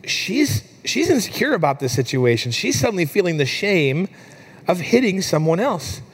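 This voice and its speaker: A man in his thirties delivering a sermon in a slightly higher-than-average voice. He talks casually, with frequent fillers, telling personal stories. When the story turns tender, his voice climbs higher and grows softer. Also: very animated, normal speed, slightly rough. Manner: conversational storytelling with fillers, rising higher and softer in emotional moments. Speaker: pastor.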